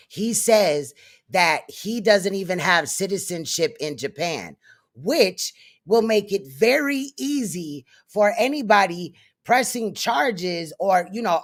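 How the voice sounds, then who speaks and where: A woman's voice: lowish voice, a bit bright. A woman hosting reaction commentary, scornful and mocking. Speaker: commentary host.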